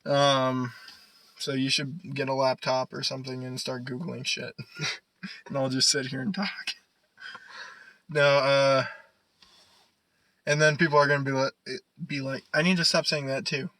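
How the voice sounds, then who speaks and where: A man's voice: medium pitch, little pitch movement, measured pace, long pauses, fairly bright tone, no room sound, rough recording. A young man co-hosting a casual podcast, rambling and swearing, laughing often. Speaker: podcast co-host. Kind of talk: casual chat.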